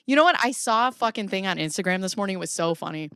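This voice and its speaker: A woman's voice: medium pitch, lively intonation, quick pace, few pauses, fairly bright tone, clean tone, no echo, studio quality. Chatty, profane woman livestreaming from her basement. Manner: profane, chatty, laughs often. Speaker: livestream host. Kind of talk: casual livestream commentary. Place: home basement. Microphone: camera pointed at herself.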